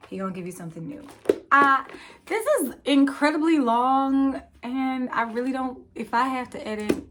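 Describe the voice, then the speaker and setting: A woman's voice: fairly high pitch, background noise. A young woman from West Baltimore with a Baltimore accent, speaking earnestly and emotionally in a personal vlog, trying not to cry. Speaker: vlogger.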